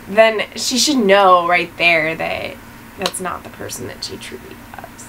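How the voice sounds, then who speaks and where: A woman co-hosting a casual TV episode review, chatty and giggly, with animated retellings of scenes. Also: mid-range voice, slow pace, gravelly, slight background noise, rough recording. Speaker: podcast co-host.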